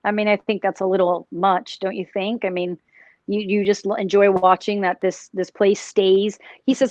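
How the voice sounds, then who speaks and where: A woman psychic on a live paranormal show, talking haltingly with many restarts as she questions a spirit. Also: mid-range voice, level tone, darkish tone, no echo. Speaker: psychic, remote viewer. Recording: dull dry lo-fi audio.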